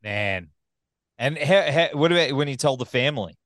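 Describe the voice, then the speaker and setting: A man's voice: medium pitch, lively intonation, moderate pace, a bit bright, dry recording, clean studio sound. A man hosting a podcast interview, joking and loose, swearing casually. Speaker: podcast host.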